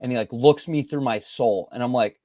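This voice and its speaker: A man's voice: medium pitch, a little fast, no echo. Guy on a podcast spinning a story, acts out what people said, laughs a lot, dry close mic. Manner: animated storyteller, acts out quotes, laughs often. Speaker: podcast co-host. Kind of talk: casual podcast banter.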